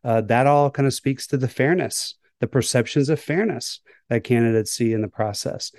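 A man's voice: medium pitch, normal speed, darkish tone, no room sound. A man, a workplace psychologist, answering interview questions in a thoughtful, hedging way. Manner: thoughtful, hedging with "right?" and "kind of".

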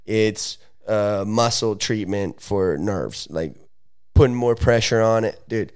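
A man's voice: on the low side, takes it slowly, a little mellow, clear, resonant tone. Italian-born man telling a story casually. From Italy. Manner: loose, slangy, many fillers and restarts. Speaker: podcast guest.

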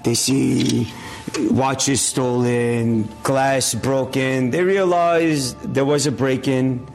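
A man's voice: medium pitch, very slow, soft background music. A man telling an inspirational religious story as a sermon, acting out the voices of its characters. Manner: animated, acts out dialogue of the story's characters.

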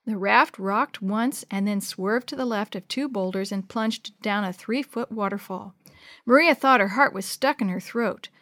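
A woman reading a children's adventure story aloud, lively, changing her voice for each child and dropping to a hush for the whispered parts. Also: mid-range voice, moderate pace, no room sound, clean studio sound. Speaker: storybook narrator.

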